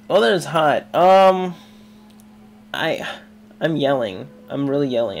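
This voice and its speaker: Excitable young man rambling over gameplay. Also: medium pitch, slow, vocal fry, long pauses, faint music behind. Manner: rambling, excitable, yelps and laughs when the game goes wrong. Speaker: gaming video creator. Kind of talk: casual gameplay commentary.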